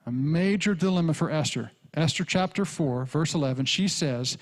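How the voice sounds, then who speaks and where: Rich: A male pastor, preaching with animated storytelling. His voice sits on the higher side, and he slips into the characters as he goes. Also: moderate pace, few pauses. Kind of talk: sermon.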